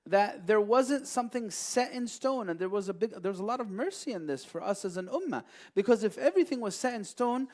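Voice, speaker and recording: High-voiced man answering religious questions. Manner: explains slowly with many fillers and Arabic quotes. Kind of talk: religious Q&A talk. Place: mosque hall.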